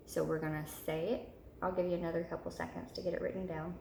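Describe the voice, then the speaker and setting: A woman teacher giving a slow, repetitive recorded video lesson to third graders. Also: on the low side, steady tone, vocal fry, darkish tone, echoey room, a little hiss or hum.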